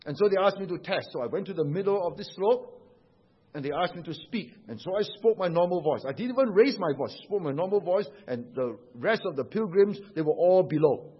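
A man preaches an emphatic sermon in a high, slightly husky voice. He explains scripture line by line and keeps asking rhetorical questions. The recording sounds dull and lo-fi. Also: animated, brisk.

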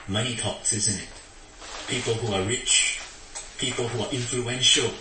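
Animated preacher in an echoey hall. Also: male voice, distant mic, slight background noise. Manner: animated, acts out quotes with raised pitch. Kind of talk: sermon.

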